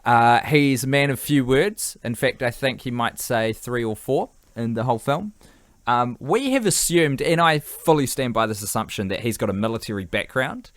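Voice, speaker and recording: A man's voice: mid-range voice, expressive, moderate pace, dry recording, clean studio sound. A man co-hosting a podcast, rambling and joking casually, tired and hungry. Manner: jokey, rambling, swears casually. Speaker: podcast co-host. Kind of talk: casual chat.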